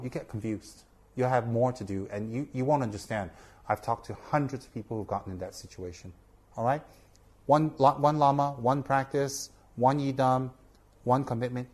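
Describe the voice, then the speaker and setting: A man's voice: medium pitch, a little mellow. A man, a Buddhist teacher, talking informally to camera, earnest and repetitive, often checking in with "okay?". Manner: earnest, repeats for emphasis, asks "okay?".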